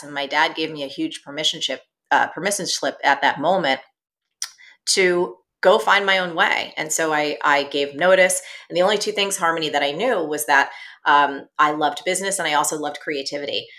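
Low-voiced bright middle-aged woman. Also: moderate pace. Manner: earnest and animated, frequent "you know" fillers. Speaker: entrepreneur guest. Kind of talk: personal storytelling in an interview.

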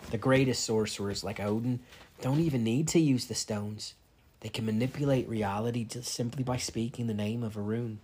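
A man voicing a young female warrior who explains things in hushed, matter-of-fact asides. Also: mid-range voice, normal speed, slight background noise, close to an everyday voice. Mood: whispered.

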